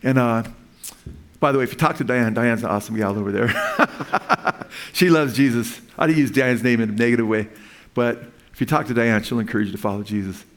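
A man's voice: mid-range voice, fast talker. A man preaching a sermon as pastor, talking in a casual, conversational way and often checking in with "amen?". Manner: conversational, tags lines with "amen?".

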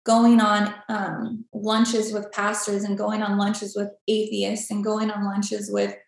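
A woman guest on a podcast, telling her faith story in a lively, storytelling way and acting out the dialogue. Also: medium pitch, slow, creaky. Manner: animated storytelling, acts out dialogue. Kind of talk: personal faith testimony. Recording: very echoey room.

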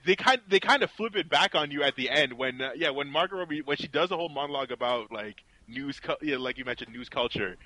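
A laid-back man chatting about films with a bright, fairly high voice that moves lively up and down. He laughs easily. The sound is dry and close, with no room echo. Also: fast, few pauses. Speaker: podcast co-host reviewing films. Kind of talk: casual chat.

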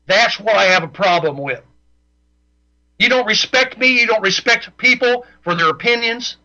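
Radio host, man, high and piercing voice, heated and repetitive, dull broadcast sound. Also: lively intonation, normal speed, pushed and bright. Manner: ranting, repeats himself for emphasis. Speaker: radio talk show host. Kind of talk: opinionated radio monologue.

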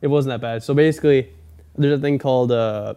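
A man's voice: medium pitch, fairly quick, a crowd in the background. A young man hosting a casual podcast, telling a story in a rambling way and acting out the people in it. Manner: rambling storyteller, acts out quoted people in a raised voice. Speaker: podcast host. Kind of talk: casual chat.

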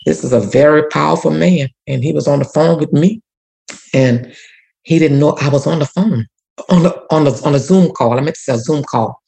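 A woman's voice: deep voice, moderate pace, gravelly, dark tone, poor audio. A woman, a community activist and former teacher, telling a personal story earnestly with many restarts. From Louisiana. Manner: earnest, repetitive restarts, prayerful.

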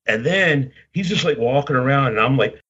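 A husky-voiced man in his fifties from Baltimore spins a rambling story in casual podcast chat. The sound is a little dull and lo-fi. His pitch sits in an ordinary middle range. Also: expressive, moderate pace, fairly bright tone. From Baltimore, Maryland. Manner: rambling anecdotes, acts out quoted voices.

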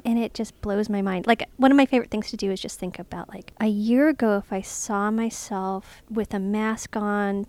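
A woman in her thirties chatting casually as a podcast co-host, animated and rambling with jokes. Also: mid-range voice, gravelly, no room sound. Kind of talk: casual chat.

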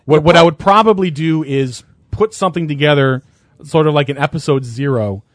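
A man's voice: a little high, fairly quick, no echo, clean studio sound. A man in a casual podcast chat, rambling with frequent restarts and laughter. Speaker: podcast co-host.

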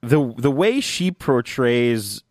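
A man in a casual fan chat, talking excitedly and rambling, often acting out lines in little voices. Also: medium pitch, takes it slowly, no room sound, clean studio sound. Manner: excited, rambling, acts out quotes.

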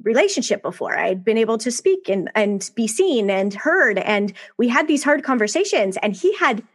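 A woman in her thirties tells her story as a podcast guest. Her voice sits a little high, and she talks in quick, emotional bursts with laughter. She sounds like she is speaking from home over a call mic. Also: big pitch swings, breathy edge. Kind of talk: candid storytelling.

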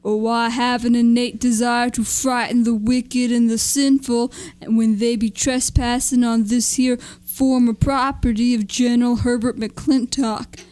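A woman's voice: on the high side, flat delivery, a little slow, hardly any pauses, a little mellow, close to an everyday voice. A woman voicing an old man caretaker who turns out to be a ghost, in a rural folksy drawl.

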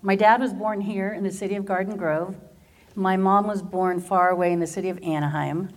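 A woman's voice: medium pitch, fairly even intonation, a little fast. A woman in her fifties from Southern California with an American accent, giving her personal faith testimony as a humorous storyteller who laughs often. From Southern California, USA. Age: 50s.

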